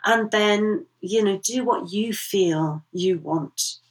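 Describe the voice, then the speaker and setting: A woman guest in a podcast interview, speaking gently and earnestly about her late child and often laughing as she tells stories. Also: mid-range voice, slow, recorded from a distance. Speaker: guest, bereaved parent. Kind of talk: candid interview talk.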